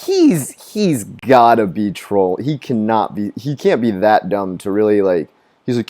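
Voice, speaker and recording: A man chatting on a live stream, rambling and profane, with a pitch that swings widely between low mutters and high bursts. He laughs at his own jokes and mocks other people in squeaky voices. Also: sing-song, unhurried, dark tone. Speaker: gaming streamer. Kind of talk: casual live-stream chat. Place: living in Japan.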